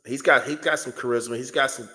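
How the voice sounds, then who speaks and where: A man's voice: medium pitch, fairly even intonation, quick pace, bright, forceful tone. A man co-hosting a casual sports podcast, laid-back and agreeable, with slangy talk. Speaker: podcast co-host. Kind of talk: casual chat.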